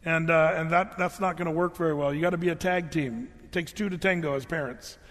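Earnest high-voiced preacher in a hall. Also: male voice, a little fast, a bit bright. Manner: earnest, conversational, with frequent restarts. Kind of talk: sermon. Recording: long hall reverb.

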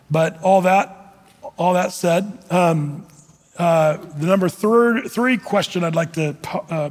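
A man preaching a sermon with a high-pitched voice, chatty and questioning, tossing questions to the congregation between ums and uhs. Long reverb trails off his words in the hall. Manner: conversational, questioning the audience, frequent fillers. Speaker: pastor.

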